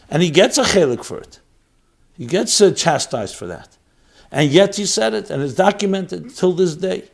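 A man's voice: on the high side, a little mellow. A man giving an earnest, emphatic Torah talk as a rabbi, full of rhetorical questions.

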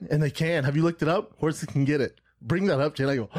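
A man with a slightly raised voice tells a story with loud excitement. He swears freely and acts out every voice in the exchange himself. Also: fairly high pitch, a little fast, few pauses, slightly rough. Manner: excitable, profane, acts out both sides of the argument. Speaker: podcast guest. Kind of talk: animated profane storytelling.

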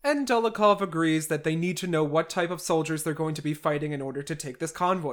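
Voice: mid-range voice, quick pace, few pauses, fairly bright tone. A podcast host giving a casual, wry recap of a classic novel, with sarcastic asides aimed at the characters.

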